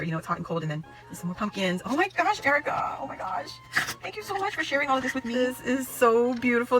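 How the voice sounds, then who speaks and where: Gushing woman with a bright voice. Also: mid-range voice, low-quality recording. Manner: gushing, excitable, repeats "oh my gosh". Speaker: craft vlogger opening a gift package. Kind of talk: casual unboxing chat to camera.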